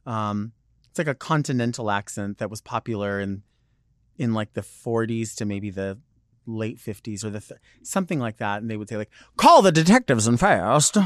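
A man's voice: fairly low pitch, fairly even intonation, normal speed, no echo, studio quality. A man hosting a podcast alone, chatting in a rambling, digressive way full of fillers. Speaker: podcast host. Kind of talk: casual solo monologue.

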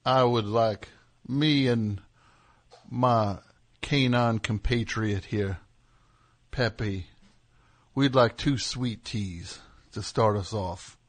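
A man's voice: lowish voice, slow, pauses often. A man putting on a drawling Southern accent to play a folksy man ordering food. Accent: Southern US, put on.

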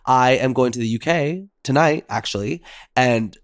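A man co-hosting a casual talk show, telling stories in a lively way and acting out what people said. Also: medium pitch, moderate pace, heavy background noise. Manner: animated storytelling, acts out quoted voices. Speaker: podcast co-host. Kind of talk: casual chat.

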